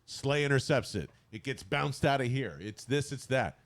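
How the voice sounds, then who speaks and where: Excitable, swearing male podcast host. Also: mid-range voice, moderate pace. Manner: animated, excitable, swears freely. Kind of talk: casual sports chat.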